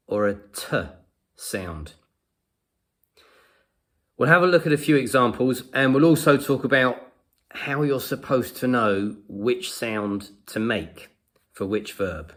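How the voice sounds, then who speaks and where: A man teaching English pronunciation in a patient lesson, saying example sounds slowly and repeating them. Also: mid-range voice, a bit bright. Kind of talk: slow explanatory lesson to camera.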